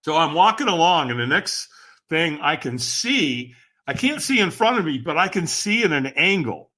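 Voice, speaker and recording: Animated, bright-voiced male storyteller. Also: on the high side, normal speed. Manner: lively, dramatic, keeps addressing the host. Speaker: podcast guest.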